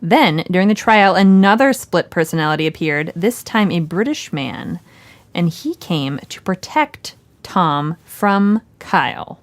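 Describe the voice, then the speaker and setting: A woman with a fairly low voice co-hosts a comedy podcast, tossing off true crime trivia quickly and casually. The sound is close and dry, with no room around it. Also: lively intonation, no room sound. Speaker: podcast co-host.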